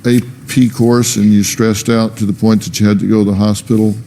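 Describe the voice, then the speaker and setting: A man's voice: fairly low pitch, flat delivery, fairly quick, dark tone, a little hiss or hum. A man hosting a talk show on a studio stage, questioning a guest in a blunt, probing, sarcastic way.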